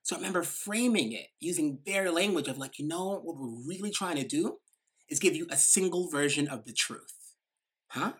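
A woman with a New York accent giving a motivational talk, quick and emphatic, with many "like" fillers. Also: low-pitched, lively intonation, husky. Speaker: speaker.

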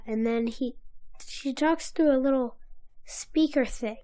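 A woman's voice: on the high side, a little slow, warm tone. A woman co-hosting a podcast, recounting a cartoon episode in blunt, offhand bits during casual chat. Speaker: podcast co-host.

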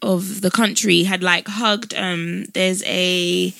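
A woman in casual chat, telling stories in an animated way. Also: fairly low pitch, slow pace, creaky, no echo.

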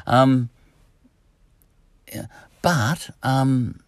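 An Australian-accented man rambles through a solo podcast monologue full of fillers and asides. He has a medium-pitched voice and draws out his words, with no echo on the recording.

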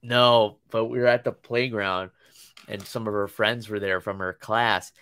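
Man, thirties, low voice, rambling casual storyteller, frequent laughs, dry sound. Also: steady tone, a little slow, fairly bright tone, smooth, dry recording. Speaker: podcast co-host. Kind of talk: casual chat.

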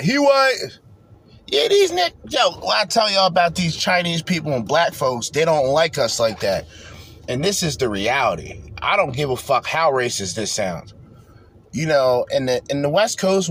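A man hosting a podcast, ranting profanely as he reacts to video clips in bursts of loud, rambling talk. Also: on the high side, husky. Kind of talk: profane reaction commentary rant.

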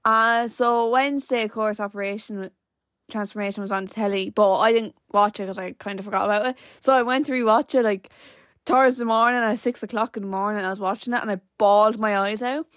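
A woman's voice: mid-range voice, steady tone, a little fast, fairly bright tone, dry recording, clean studio sound. A young Irish woman in her late teens hosting a podcast, rambling through stories with lots of filler words. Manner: rambling storyteller, many "like" fillers. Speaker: podcast host. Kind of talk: casual chat.

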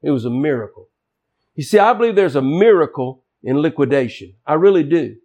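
A man delivering a sermon in a high, lively voice that jumps all over the place. He preaches emphatically, mixing scripture with folksy, colloquial asides. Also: a little fast. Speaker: pastor.

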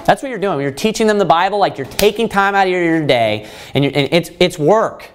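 A man's voice: high voice, lively intonation, fairly quick. A man preaching a sermon as a pastor, asking rhetorical questions and repeating points for emphasis, with many filler phrases. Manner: many fillers of "you know" and restarts.

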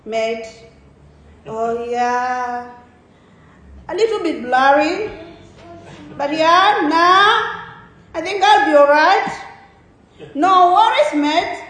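A woman's voice: sits high, lively intonation, extremely slow, long pauses, fairly bright tone, exaggerated voice. A woman voicing a laid-back Australian bloke who drawls and rambles, in a very echoey church hall. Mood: easygoing. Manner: drawling, hesitant, meandering answers.

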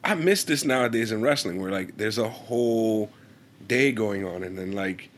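A man's voice: fairly low pitch, moderate pace. A young man co-hosting a casual wrestling podcast, slangy and swearing freely. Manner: animated, slangy, swears and laughs often. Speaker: podcast co-host.

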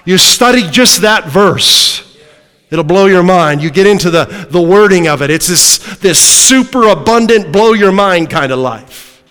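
A man's voice: sits high, lively intonation, measured pace, fairly bright tone, clean tone, big-room sound. A man preaching a sermon to a congregation, emphatic and throwing rhetorical questions at his listeners.

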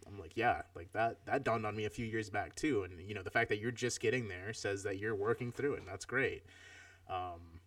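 A man's voice: lowish voice, no room sound, recorded from a distance. A man in his thirties chatting casually while reviewing a film, reflective and rambling with many fillers. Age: 30s. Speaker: podcast co-host.

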